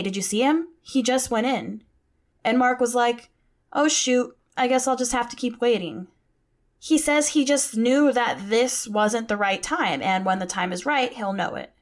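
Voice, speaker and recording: A woman hosting a podcast, telling a true-crime story in a chatty way, swearing casually and reading out quotes. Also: medium pitch. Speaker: podcast host.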